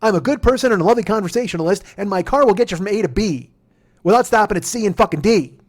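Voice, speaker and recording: A man's voice: sits high, lively intonation, quick pace. A man in his forties hosting a podcast, telling a rambling, profane story in casual storytelling. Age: 40s. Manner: profane, rambling, gets worked up and shouty. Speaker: podcast host.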